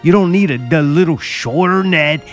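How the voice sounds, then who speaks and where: A man hosting a comedy podcast, ranting loudly and swearing constantly. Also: fairly high pitch, moderate pace, faint music behind. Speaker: podcast host. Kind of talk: profane comedic rant.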